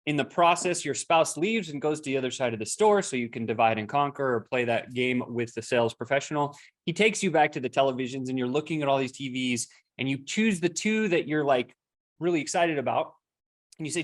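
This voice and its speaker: A man's voice: medium pitch, brisk. A man leads a sales training session in a mid-range voice. He speaks energetically and conversationally, addressing the audience directly and briefly acting out customers and salespeople. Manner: energetic, conversational, acts out quoted dialogue. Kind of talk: presentation to an audience.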